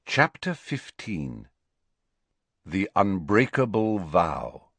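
A male audiobook narrator with a somewhat low voice, reading in an expressive, measured way. His delivery is slow and his pitch is very lively. The sound is close and dry, with no room echo. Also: vocal fry, slightly rough. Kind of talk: scripted narration.

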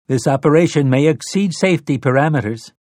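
A man's voice: on the high side, expressive, brisk, darkish tone, dry recording, studio quality, pitched above the performer's own voice, lightly acted. A man doing an eerie pleading machine voice. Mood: warning. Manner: pleading, formal warnings. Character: eerie mechanical warning voice of a machine.

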